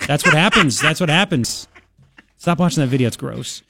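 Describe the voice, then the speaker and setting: A man's voice: fairly high pitch, animated, normal speed, gravelly, heavy background noise. A man hosting a talk radio show, chatting and rambling in a casual monologue with lots of restarts.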